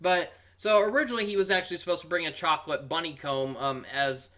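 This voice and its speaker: Young man, casual reviewer, rambling with "um"s, bright forward tone. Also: fairly high pitch, steady tone, fast talker. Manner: rambling, lots of "um"s, amused. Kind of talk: casual commentary.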